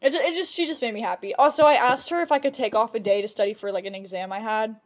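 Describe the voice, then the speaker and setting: A woman's voice: a little high, quick pace, highs cut off. Swearing young woman telling job stories. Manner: chatty, swears often, animated retelling. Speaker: vlogger. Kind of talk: casual storytime vlog.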